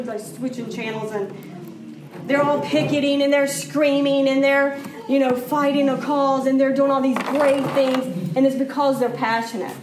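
A middle-aged woman teaching a church women's class, earnest and conversational, with emphatic moments. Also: on the high side. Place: church room. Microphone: distant mic. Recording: roomy, distant mic, background noise.

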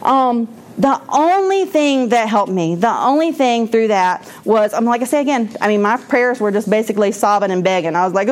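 A woman's voice: a little high, expressive, normal speed, hardly any pauses. A woman gives a candid, rambling personal testimony at a church moms' class, often restarting her sentences and laughing.

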